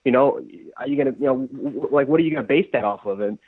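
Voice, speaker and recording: A man's voice: medium pitch, quick pace, slightly rough, no echo. A man calling in to a sports talk show, asking hesitant questions with lots of fillers over a tinny phone line. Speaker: caller.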